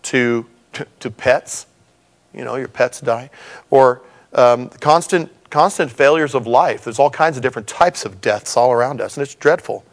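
A man's voice: mid-range voice, normal speed. A middle-aged man preaching a sermon in a conversational way, with humorous asides to the congregation. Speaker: pastor.

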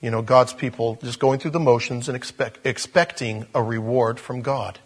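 Middle-aged male pastor, husky, conversational humorous sermon. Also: medium pitch, steady tone, moderate pace. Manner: conversational and humorous, with acted quotes and laughs.

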